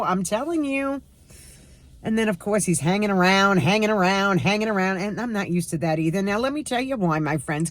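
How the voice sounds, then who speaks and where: Chatty sarcastic woman in her sixties. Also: mid-range voice. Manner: chatty, sarcastic, emphatic storytelling. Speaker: lifestyle vlogger. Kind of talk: casual chat to camera. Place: home.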